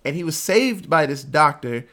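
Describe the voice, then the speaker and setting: A man with a somewhat high voice chats loosely about a film, retelling its scenes. He swears freely and drops into quick voices for the characters as he goes. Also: expressive, pushed and bright. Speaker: podcast co-host. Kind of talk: casual movie recap chat.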